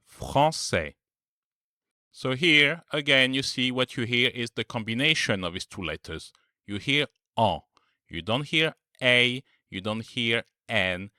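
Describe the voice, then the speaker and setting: Lively man teaching pronunciation. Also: medium pitch, no echo, clean studio sound. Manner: clear, patient, repeats each example word slowly. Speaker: French teacher. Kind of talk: pronunciation lesson.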